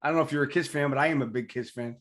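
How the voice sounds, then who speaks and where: A man from Queens, hosting a casual interview and talking like an excited fan. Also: medium pitch, rapid-fire. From Queens, New York. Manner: excitable, blunt fan talk. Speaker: interview host.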